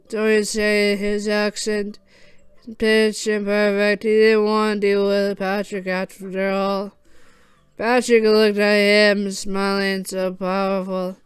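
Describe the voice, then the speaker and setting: A storyteller reading a fan audio story aloud, halting and restarting as they go. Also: medium pitch, completely flat delivery, clear, resonant tone, dry recording, soft background music.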